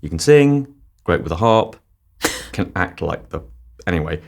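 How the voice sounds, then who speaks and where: A man hosting a radio film interview, asking questions with quick, playful banter. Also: low voice, expressive. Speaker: radio film critic host.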